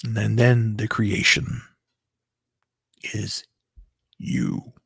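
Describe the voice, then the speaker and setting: A man delivers a loose, rambling commentary straight to his viewers, often restarting his sentences and muttering curses to himself. His voice is gravelly with a husky edge. The recording is dry and close. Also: mid-range voice, expressive, normal speed, dry recording. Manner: rambling, restarts, swears under breath, sharing screen. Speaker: video commentator. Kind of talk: casual opinion monologue to camera.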